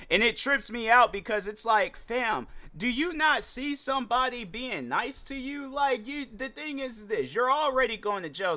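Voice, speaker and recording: A man hosting a solo podcast talks loosely and slangily, often restarting his sentences. His voice sits a little high and sounds bright and forward. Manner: rambling, slangy, many restarts. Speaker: podcast host. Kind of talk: casual solo podcast monologue.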